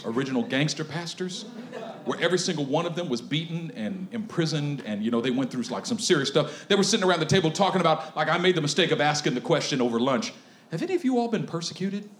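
A man preaching a sermon through a personal story, swinging from hushed tones to shouting and laughing often. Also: a little high, lively intonation, fast talker, echoey room.

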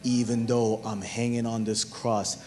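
A man preaching a sermon as pastor, animated and talking straight to his listeners, even humming tunes to make a point. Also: mid-range voice, unhurried, a little hiss or hum. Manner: animated preaching, talks to the crowd.

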